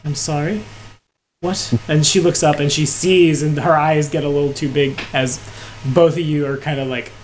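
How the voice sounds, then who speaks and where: Female game master, deep for a woman, casual relaxed narration. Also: slight background noise, rough recording. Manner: unhurried, relaxed, with lots of "like".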